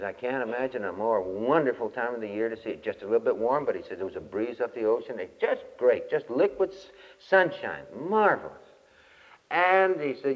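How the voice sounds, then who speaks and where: Man, folksy camp preacher, lively storyteller; old dull tape, long hall reverb. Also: medium pitch. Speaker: camp meeting speaker. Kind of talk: folksy sermon with humorous anecdote.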